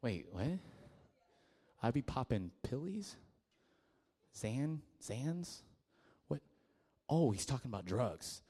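A young man preaching a lively, jokey sermon, acting out listeners' voices and swinging between loud calls and hushed asides. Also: medium pitch, moderate pace. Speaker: pastor. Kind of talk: energetic youth sermon.

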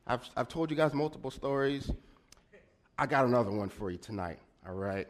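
A man's voice: medium pitch, animated, a little fast. Chatty young man telling a comic story. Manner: chatty, addresses the audience with frequent "all right?"; acts out a brother's angry lines with sudden loud bursts. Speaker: stand-up comedian. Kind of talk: stand-up storytelling.

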